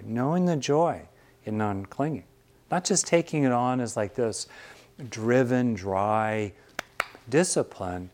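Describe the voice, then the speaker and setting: A man of ordinary, mid-range pitch giving a Buddhist dharma talk. He speaks in an easygoing, conversational way as a meditation teacher, slipping in wry, self-deprecating asides between his points. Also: darkish tone.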